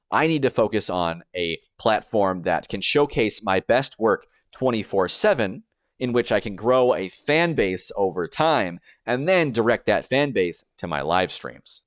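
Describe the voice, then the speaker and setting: A young man talks through a scripted video essay in an explanatory, step-by-step way. His voice sits a little low, and the recording is dry and close, with no room sound. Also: no echo. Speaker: streamer and YouTuber.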